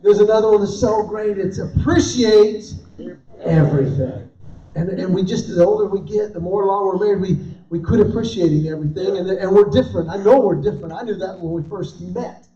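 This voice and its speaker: A middle-aged comedian with a high, warm voice speaks briskly on stage in an event hall, telling punchy, self-mocking stories and putting questions to the crowd. The live recording sounds roomy, distant and dull.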